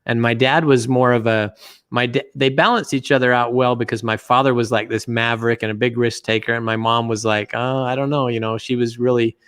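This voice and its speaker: A middle-aged man, an interview guest, telling family anecdotes in a relaxed, rambling way with many fillers. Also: medium pitch, a little fast, clean tone, no room sound. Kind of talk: anecdotal storytelling.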